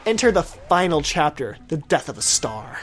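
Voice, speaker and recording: Animated young woman spinning a story. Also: low-pitched, normal speed. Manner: animated, teasing, acts out the characters. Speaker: let's play co-host. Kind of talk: playful storytelling over gameplay.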